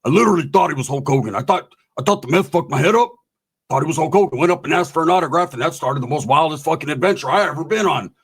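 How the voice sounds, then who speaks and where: A man voicing a rambling, strung-out biker buddy who keeps calling everyone brother, with a husky voice. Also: fairly high pitch, lively intonation, fast.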